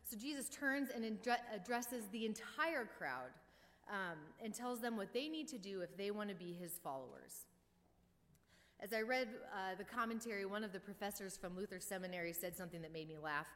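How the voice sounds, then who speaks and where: A woman's voice: medium pitch, expressive, moderate pace, fairly bright tone. A woman preaching a conversational sermon with a casual, wry manner and joking asides. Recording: long hall reverb.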